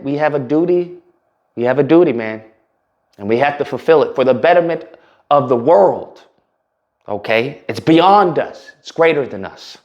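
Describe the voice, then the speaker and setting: A man's voice: on the high side, lo-fi sound. A man hosting a commentary vlog, talking emphatically and sarcastically and repeating his points. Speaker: channel host.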